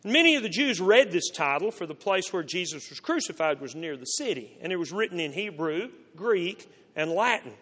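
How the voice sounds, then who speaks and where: A man reading scripture aloud in a measured, solemn way. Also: high-pitched, sing-song, bright, forceful tone. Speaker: scripture reader. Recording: long hall reverb.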